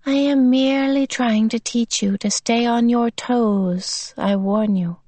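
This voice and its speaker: A woman voicing a cold, sinister little boy under a possessing mind, speaking in a flat, monotonous way. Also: a little high, a little slow, dry recording, pitched above the performer's own voice, natural voice. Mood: menacing.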